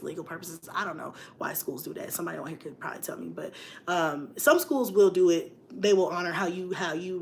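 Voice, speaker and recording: A woman's voice: on the low side, slight background noise. A woman in her thirties talking frankly and emotionally to livestream viewers, often laughing and reading comments. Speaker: mom vlogger on a livestream. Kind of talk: candid livestream chat.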